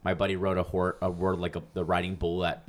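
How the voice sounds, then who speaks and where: A young man with a fairly low voice co-hosts a casual podcast. He tells stories with energy, jumps into raised voices to act out what people said, and swears freely. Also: quick pace. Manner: animated storyteller, acts out quotes in raised voices, swears freely. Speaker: podcast co-host. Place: California.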